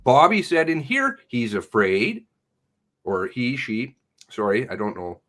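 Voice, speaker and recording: A man's voice: mid-range voice, very animated, a little slow, fairly bright tone. A man giving a sarcastic, ranting livestream commentary, mocking the police in put-on voices. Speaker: online commentator.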